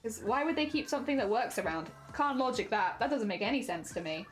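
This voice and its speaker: A woman with a standard British accent chats casually and rambles, laughing often and restarting her sentences. Her voice sits high and light. Soft music plays faintly behind her. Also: expressive, fast. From Hampshire, England. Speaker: streamer. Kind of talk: casual chat while embroidering on stream.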